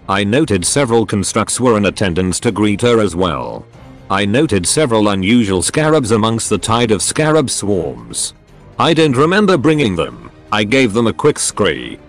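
Tts guy reading a story out loud, low voice with a lot of up and down. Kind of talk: scripted first-person story narration.

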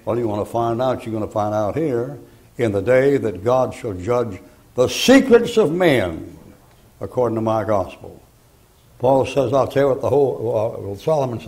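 Older male preacher, gravelly voice, dark tone, folksy emphatic sermon. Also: mid-range voice, expressive, normal speed, low-quality recording. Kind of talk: fiery sermon. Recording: archival sermon recording.

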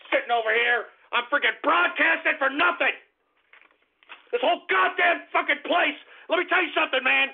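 Gravelly man ranting on lo-fi radio. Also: extremely high pitch, moderate pace. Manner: shouting, profane, berating listeners. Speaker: radio show host. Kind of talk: angry broadcast rant. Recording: phone-like lo-fi audio.

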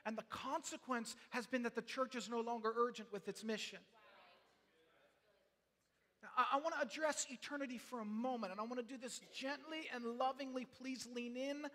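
A high, bright-voiced man preaching to his congregation in an earnest, pleading way, stumbling over and repeating words as he presses his point. His voice rings with a long reverb from the hall around him. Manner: builds from quiet talk to passionate shouting. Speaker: pastor. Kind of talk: sermon.

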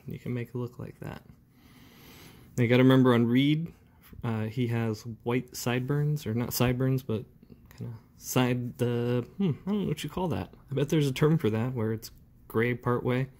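A man's voice: medium pitch, dark tone. Laid-back man talking through an inking tutorial. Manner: casual, talks while working, with fillers. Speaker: comic book inker. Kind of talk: relaxed ink-along tutorial narration.

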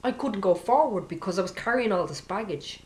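A woman's voice: medium pitch, lively intonation, brisk, darkish tone, echoey room. A woman giving an informal, earnest sermon to camera as a Christian video preacher, speaking directly and often checking in with "okay?".

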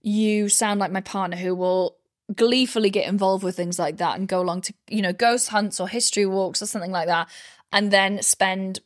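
A woman's voice: mid-range voice, steady tone, normal speed. Woman, comedy podcast co-host, chatty and giggly, reads fan mail aloud. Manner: chatty, laughs often, reads listener messages aloud. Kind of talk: casual comedic chat.

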